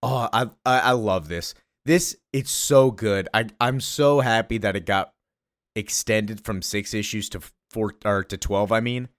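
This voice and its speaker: A man recapping a comic book in a casual, excited way, gushing about it with lots of fillers. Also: fairly low pitch, measured pace, no echo, studio quality.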